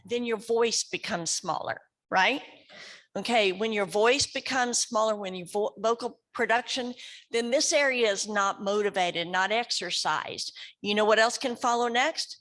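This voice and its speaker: A woman's voice: a little high, lively intonation, unhurried, fairly bright tone. A woman from West Kentucky, a speech therapist giving an educational talk to a support group in a conversational way, often asking the audience questions. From West Kentucky, USA.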